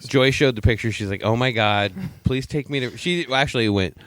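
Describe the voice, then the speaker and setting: A man's voice: mid-range voice, brisk, fairly bright tone, dry recording. A middle-aged man co-hosting a podcast, telling rambling stories in a teasing, casual way. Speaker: podcast co-host. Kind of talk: casual chat.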